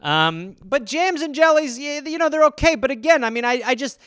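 A man's voice: very high-pitched, animated, brisk, fairly bright tone, dry recording, clean studio sound. A man hosting a solo comedy podcast, riffing in a profane, rambling, conversational way. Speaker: podcast host.

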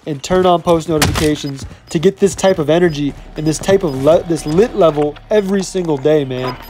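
A man in his twenties talks casually over his own gameplay, with a slightly raised pitch. He keeps the energy upbeat and hyped, tossing in the same catchphrases again and again. A faint noise sits under his voice. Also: a little fast. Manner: upbeat hype talk, keeps saying "you know what I'm saying". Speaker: gaming YouTuber.

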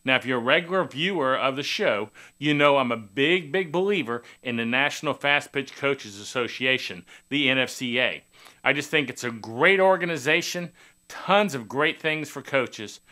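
A man hosts a sports TV show and talks straight to viewers. His voice is bright and forceful. His delivery is chatty and promotional. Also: mid-range voice, animated, moderate pace. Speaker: TV show host. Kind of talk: scripted show intro and outro.

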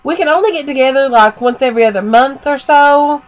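A woman's voice: sits high, a little fast. A woman co-hosting a podcast in casual chat, rambling with many fillers while she is losing her voice from a cold. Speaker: podcast co-host.

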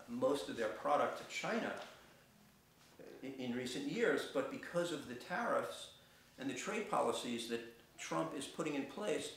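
A middle-aged man telling a personal story on stage, halting, with many restarts and fillers. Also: mid-range voice, gravelly, fairly bright tone, slight background noise. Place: theater stage. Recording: echoey theater from far off.

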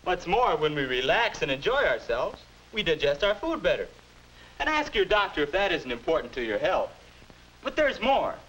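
A man's voice: a little high, moderate pace, a little hiss or hum, low-quality recording. An actor playing a friendly young man who is the boy's future self, earnestly explaining manners in a 1950s educational film. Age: young adult. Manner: earnest, instructive, lively. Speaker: narrator and guide.

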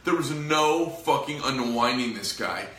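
A man's voice: medium pitch, expressive, a little slow, sharp tone, reverberant. A middle-aged man who runs a knife company, venting to camera in a rambling, profane, frustrated way.

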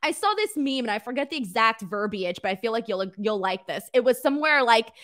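A woman hosts a casual interview in a fairly high voice. She agrees readily with her guest and works through a list of numbered questions. Her talk is relaxed and friendly. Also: fairly quick.

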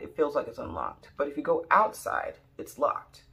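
Young adult woman vlogger, casual storyteller, animated and jokey, gravelly low edge. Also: moderate pace, few pauses. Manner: rambling, animated, jokey, full of "like" and "um".

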